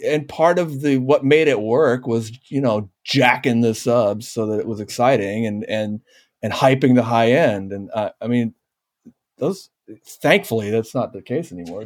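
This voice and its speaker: Middle-aged male engineer, relaxed, joking, trailing phrase ends. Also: mid-range voice, moderate pace, no echo, studio quality. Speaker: live sound engineer. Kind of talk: casual panel discussion.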